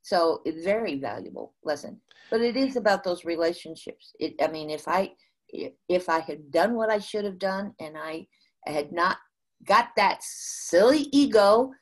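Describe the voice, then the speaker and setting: With a fairly low pitch and a moderate pace, an older American woman tells an interviewer an animated business story. She restarts her thoughts frequently as she goes.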